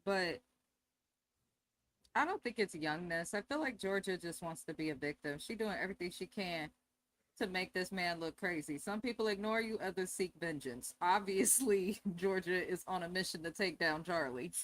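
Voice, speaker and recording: A woman's voice: fairly low pitch, normal speed, fairly bright tone, no echo, poor audio. A woman co-hosting a reality TV recap in casual commentary, opinionated and plainspoken.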